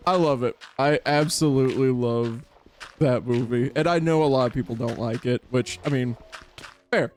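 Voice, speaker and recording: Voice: mid-range voice, normal speed, a little mellow. Streamer, casual gaming chat, rambling, self-mocking, faint hiss, mouse clicks.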